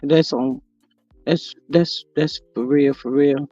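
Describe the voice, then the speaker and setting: A woman's voice: low-pitched, fairly even intonation, slow pace, dark tone, dry recording. A woman hosting a casual livestream, chatty and sassy, greeting her viewers by name. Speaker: YouTube livestream host. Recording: dull lo-fi audio with faint music.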